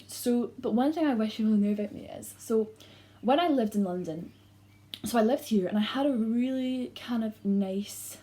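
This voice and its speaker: A teenage Scottish girl with a warm, mid-range voice chats casually to camera in her vlog. This YouTuber is chatty and leans heavily on "like" as a filler.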